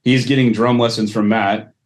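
A middle-aged man co-hosts a podcast, chatting in a quick, upbeat way and laughing easily. His voice sits at an ordinary middle pitch. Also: steady tone. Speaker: podcast co-host. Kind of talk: casual chat.

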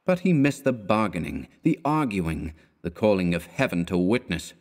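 A man narrating a classic story as an audiobook reader, measured and even, lifting his voice for the characters' lines. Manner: measured, lifts his pitch for quoted characters.

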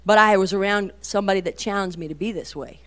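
A middle-aged woman giving a folksy, animated talk to a women's meeting, storytelling with many asides. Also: medium pitch, fast. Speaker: Christian women's speaker.

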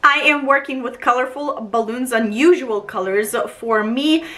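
A woman with a cold hosting a balloon craft tutorial, her voice a little raspy and prone to cracking, talking upbeat and straight to her viewers. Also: a little high, moderate pace, a bit bright. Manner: upbeat, addresses viewers directly, lists supplies. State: sick, voice may crack and sound raspy. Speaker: balloon decorating tutorial host. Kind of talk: casual tutorial narration.

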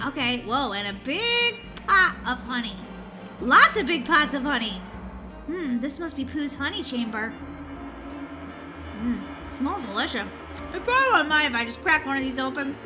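A woman hosting a game let's-play with bubbly, excitable, jokey commentary. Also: high voice. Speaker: gaming channel host. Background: game music.

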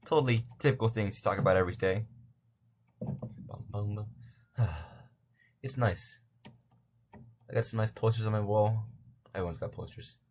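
A man's voice: lowish voice, moderate pace, long pauses, darkish tone. A young man casually commenting on a game from his bedroom, rambling and making self-deprecating jokes. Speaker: let's play gamer.

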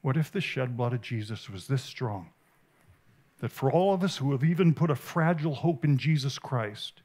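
A man giving a sermon at a conference, earnest and vivid, with halting restarts. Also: medium pitch, expressive, darkish tone. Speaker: conference speaker. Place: conference stage.

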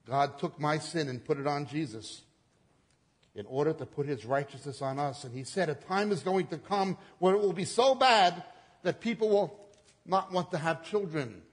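A man preaching a sermon, swinging between loud emphatic peaks and low quiet drops, acting out the quoted lines. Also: normal speed, breathy edge. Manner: dramatic swings in pitch and loudness, acting out quotes. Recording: long hall reverb.

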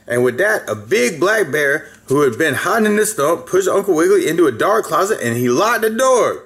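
A man's voice: fairly high pitch, sing-song, fairly quick, few pauses, a bit bright. A man reading a children's story aloud in a folksy way, with asides to the listener.

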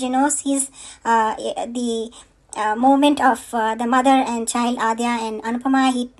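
A woman giving a chatty, filler-heavy recap of a TV serial episode and scolding its characters and makers. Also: high-pitched. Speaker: community contributor recapping a TV serial. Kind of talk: casual spoken episode recap.

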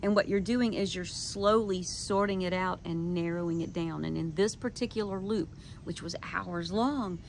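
A woman talking straight to camera, telling a personal story in an animated way and acting out her own quoted thoughts. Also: lowish voice, moderate pace, creaky, hardly any pauses, a little hiss or hum. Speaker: video creator.

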